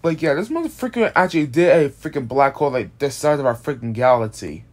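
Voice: mid-range voice, sing-song, fast talker. A casual video creator explaining an original monster character, rambling with many restarts and casual swearing, sounding tired. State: tired, yawning.

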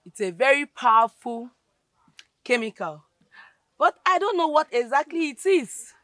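An actress playing a scheming young Nigerian woman who talks in a lively, dramatic way in a film drama. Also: sits high, a little slow, dry recording, full character voice.

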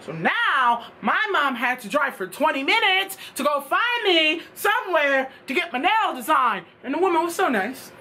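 A woman's voice: high voice, big pitch swings, normal speed, hardly any pauses, pushed and bright, slight background noise. A young woman telling a storytime tale in a casual, exasperated rant, swearing freely. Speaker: vlogger.

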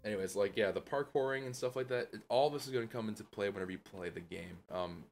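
A man's voice: on the low side, fast, faint music behind. A young man hosting a gaming channel, giving casual, chatty gameplay commentary full of fillers and enthusiasm.

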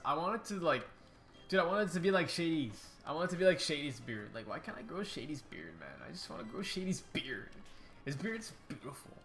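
A young man hosting a casual let's-play, excitable and rambling, often restarting his sentences. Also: fairly high pitch. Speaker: YouTube gaming host.

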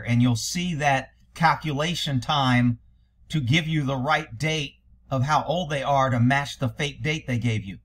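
A man's voice: medium pitch, measured pace, a bit bright. A man commenting on police videos from a cop's point of view, blunt, sarcastic and profane. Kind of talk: reaction commentary.

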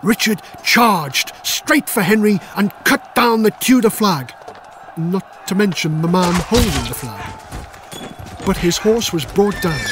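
A man's voice: high-pitched, background noise. An older man reading his own children's history book aloud in a playful, dramatic storytelling manner. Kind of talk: audiobook narration for children.

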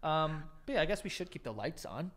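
A man in his thirties hosting a casual podcast, teasing his co-host and reading sponsor ads with loose, joking asides. He sounds relaxed and offhand, never formal. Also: a little high, a little fast. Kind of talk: casual podcast banter and ad reads.

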